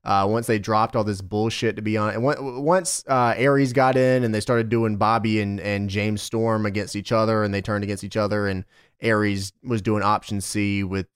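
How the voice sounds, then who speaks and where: A man's voice: lowish voice, steady tone, normal speed, smooth, no echo. A man in casual podcast chat, recapping wrestling with loose laughs and cursing. His voice is close and dry, with no room sound around it. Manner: laughing, swearing, recapping with mock quotes. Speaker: podcast co-host.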